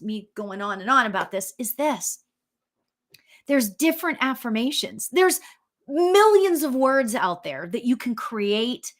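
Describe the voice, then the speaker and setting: A woman hosting a casual live talk as a spiritual medium, chatty and encouraging, laughing easily and reading viewer comments aloud. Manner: animated, leaps in pitch, laughs often.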